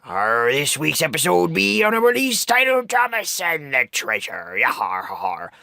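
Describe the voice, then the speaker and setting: A man voicing a raspy, jolly male pirate captain who laughs heartily while opening his show. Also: on the high side, huge pitch swings, normal speed, bright, forceful tone, no room sound, clean studio sound, pitched above the performer's own voice, full character voice. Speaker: host. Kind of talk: comic pirate show intro.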